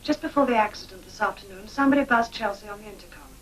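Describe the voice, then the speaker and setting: An actress playing a guarded young fashion model. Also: female voice, mid-range voice, racing, distant mic, slight background noise, natural voice, poor audio. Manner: reserved, hushed, then sharp. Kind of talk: 1950s film acting.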